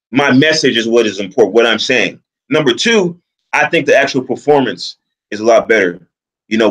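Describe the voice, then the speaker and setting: A man hosting a livestream, arguing his points in a deliberate, explanatory way. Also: medium pitch, a bit bright, low-quality recording. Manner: deliberate, argumentative, explains at length. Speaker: livestream host. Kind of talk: livestream commentary.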